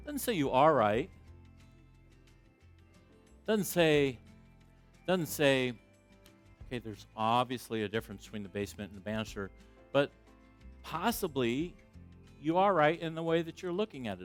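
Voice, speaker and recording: A middle-aged man preaches a sermon in a church, his voice at an ordinary male pitch. He talks to the congregation in a plain, conversational way, pokes fun at himself, and shifts between loud emphasis and quiet asides. Faint music plays under his voice. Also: very animated, normal speed, long pauses. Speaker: pastor. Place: church sanctuary.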